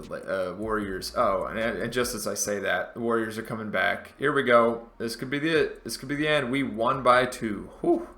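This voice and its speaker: A man's voice: mid-range voice, vocal fry, sharp tone, roomy sound. A man giving casual, chatty gameplay commentary, thinking aloud and sounding mildly exasperated. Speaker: gaming commentator.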